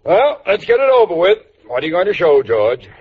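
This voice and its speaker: An actor playing a portly, sarcastic middle-aged husband in a 1940s radio comedy, in a dull, hissy old broadcast recording. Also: male voice, high-pitched, sing-song, brisk. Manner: dry, sarcastic jokes.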